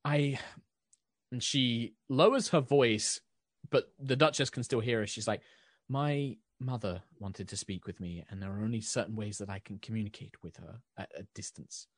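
A man's voice: mid-range voice, unhurried, no room sound, clean studio sound, lightly acted. A man voicing a flustered young noblewoman who stammers apologies. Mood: apologetic.

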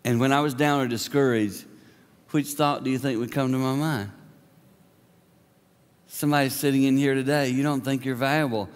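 A man preaching a sermon in an impassioned way, moving between booming lines and hushed asides. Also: clear, resonant tone, big-room sound. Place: church sanctuary.

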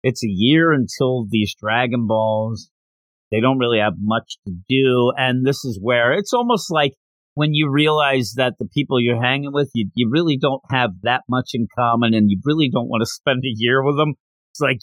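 A man hosting a podcast, casually recapping a manga chapter in an animated way and slipping into quick character voices. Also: mid-range voice, no echo. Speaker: podcast host.

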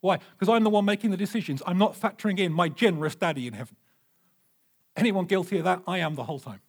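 Pastor, male, 30s, higher-pitched voice, lively and funny storyteller in the pulpit. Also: quick pace. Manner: animated, humorous storytelling. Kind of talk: sermon.

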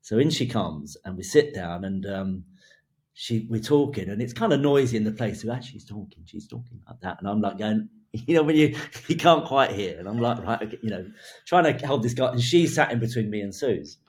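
A man's voice: on the low side, expressive, moderate pace. A man, a hairdressing creative director, telling an anecdote in an interview, laughing between phrases and acting out the quotes.

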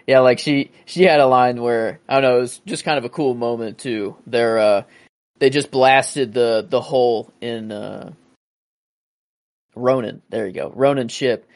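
A man's voice: mid-range voice, steady tone, unhurried, no room sound. Rambling man chatting on a podcast. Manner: rambling, hesitant, many fillers. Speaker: podcast co-host. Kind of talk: casual movie discussion.

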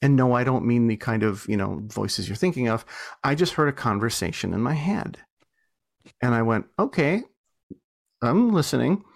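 A man's voice: mid-range voice, moderate pace, vocal fry. A man being interviewed as an author and entrepreneur, telling stories in a chatty, self-deprecating way with frequent laughs and restarts. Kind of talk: casual storytelling interview.

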